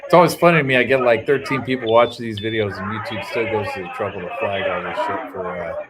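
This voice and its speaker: A man's voice: on the low side, steady tone, a little fast. A man hosting his channel, giving casual, profane reaction commentary with laughing asides. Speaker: channel host reacting to footage. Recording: loud noise of played footage behind.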